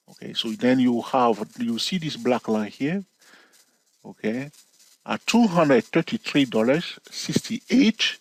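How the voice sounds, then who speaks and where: A man teaching a trading lesson as he walks through a chart, explaining step by step and often pausing on "okay" and "all right". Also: mid-range voice, no room sound, poor audio. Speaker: trading educator.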